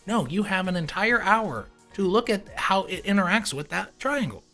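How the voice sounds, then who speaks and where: A man giving casual screen-share commentary on crypto charts, animated and wry, with mock-panicked asides and casual swearing. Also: sits high, moderate pace, few pauses, soft background music.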